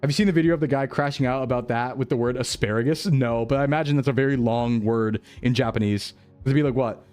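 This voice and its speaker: Over faint background music, a young male VTuber streams a geography game, talking casually with viewers and laughing and joking frequently. He speaks briskly in a medium-pitched voice with a darkish tone.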